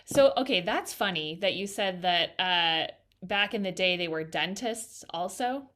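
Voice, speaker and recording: A woman's voice: fairly low pitch, a little slow. A woman hairstylist in a casual podcast conversation, telling a story with quoted voices acted out, recorded over a video call. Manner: lively storyteller who acts out quoted voices.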